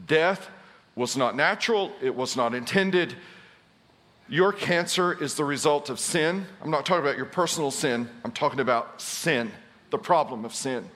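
A middle-aged pastor preaching with a high, bright, forceful voice. He tells self-mocking stories with comic timing, then moves into earnest teaching from scripture. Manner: storytelling, self-deprecating humor. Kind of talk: sermon.

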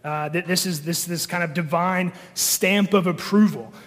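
Male pastor, higher pitch, casual sermon delivery with frequent fillers; long reverb of a church hall. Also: normal speed, a bit bright. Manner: conversational, many fillers and restarts.

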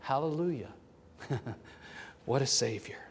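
Pastor guy preaching in a big echoey church, goes loud then whispers. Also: medium pitch, measured pace, slightly rough. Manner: dynamic, swings from loud to hushed whisper. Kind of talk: sermon. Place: church sanctuary. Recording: long hall reverb.

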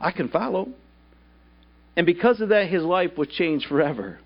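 A man's voice: sits high, lively intonation, normal speed, lo-fi sound. A male pastor preaching a sermon at a church service, putting rhetorical questions to the congregation.

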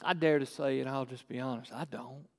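A pastor preaches a sermon in a medium-pitched, gravelly voice at a brisk clip, animatedly posing rhetorical questions and acting out the lines of people in his story. It was filmed on camera with a long hall reverb.

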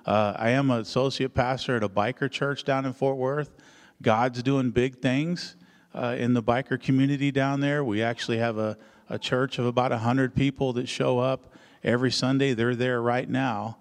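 A man, an associate pastor, introducing a guest preacher with halting, earnest words. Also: mid-range voice, steady tone. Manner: halting, filler-heavy, earnest. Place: church hall. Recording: echoey church hall.

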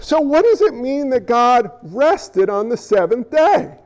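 A male pastor with a notably high voice who preaches slowly and deliberately. He keeps asking rhetorical questions and leaves dramatic pauses. His voice rings with a long reverb in a large church sanctuary. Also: sing-song, a little mellow. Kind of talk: sermon.

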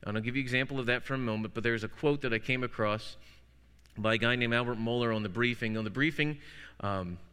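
A man's voice: mid-range voice, fast talker, bright, forceful tone, clear, resonant tone. A man preaching a sermon as pastor, telling classroom anecdotes with playful wordplay. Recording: long hall reverb.

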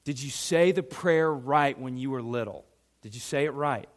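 A man preaching a sermon, emphatic and animated, speaking directly to a young congregation. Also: mid-range voice, normal speed. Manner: addresses a youth audience directly. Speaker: pastor.

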